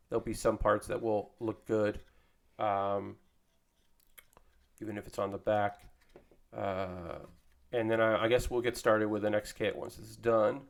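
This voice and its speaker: A man hosting a casual live stream, chatting in a rambling way with many fillers while he assembles a model kit. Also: mid-range voice. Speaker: streamer building model kits.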